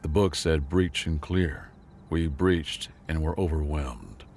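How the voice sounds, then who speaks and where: Deadpan, bored janitor, read by a man, very deep gravelly voice, flat delivery. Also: slow pace, slight background noise, exaggerated voice. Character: tired, bored male human janitor, dry and sarcastic.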